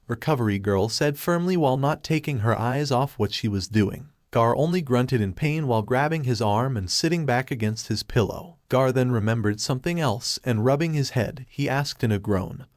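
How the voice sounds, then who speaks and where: A man narrating a fan fiction story in an even, steady read-aloud. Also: mid-range voice, normal speed, dry recording, studio quality.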